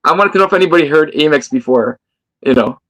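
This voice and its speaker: A man joins a live stream as a guest and chats casually. His voice sits slightly high, and he talks in a relaxed way. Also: fast, a crowd in the background, low-quality recording. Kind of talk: casual livestream chat.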